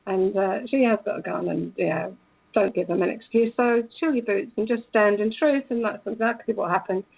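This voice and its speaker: A woman's voice: medium pitch, moderate pace, gravelly, slightly rough, phone-quality sound. A woman telling a story in a casual way, acting out the lines of the people in it. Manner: animated, acts out quoted dialogue. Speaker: speaker recounting a police encounter.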